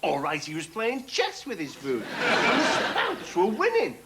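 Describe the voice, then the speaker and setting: A man's voice: high-pitched, huge pitch swings, a little slow, over a noisy crowd. A man with a Liverpool accent doing a sardonic, ranting stand-up comedy monologue. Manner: ranting, sardonic, shouting bursts. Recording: loud studio audience and noise.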